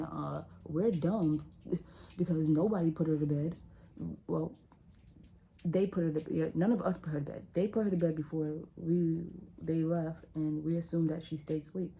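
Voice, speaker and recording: Chatty young woman with a dark voice. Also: sits low, moderate pace, creaky, low-quality recording. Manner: animated, chatty, talks straight to viewers. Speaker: vlogger. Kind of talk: casual storytime.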